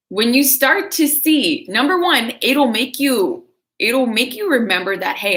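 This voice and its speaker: A woman's voice: medium pitch, bright, forceful tone. A woman giving casual motivational talk on a livestream, chatty and coaching, reading out viewer comments. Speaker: fitness creator.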